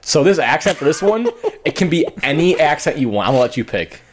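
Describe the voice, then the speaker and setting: A man's voice: on the high side, big pitch swings, fast talker. A man hosting a comedy podcast, upbeat and leading the segments. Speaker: podcast host. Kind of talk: casual chat.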